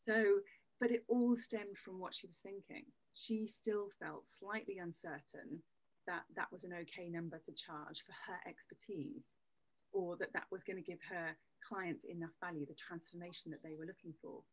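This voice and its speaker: A woman speaks as a voice coach in an interview, her tone husky and a little breathy. She explains things patiently and backs her points with examples. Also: lowish voice, steady tone, normal speed, poor audio. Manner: explanatory, uses demonstrative examples. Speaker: voice coach guest. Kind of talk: conversational interview.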